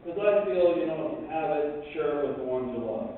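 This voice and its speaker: A man's voice: a little high, lively intonation, a little fast. A man doing a live stand-up comedy set, telling stories and imitating the people in them, with asides to the crowd. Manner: storytelling with quoted voices and asides to the crowd. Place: live venue, stage. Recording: distant lo-fi live recording in an echoey hall.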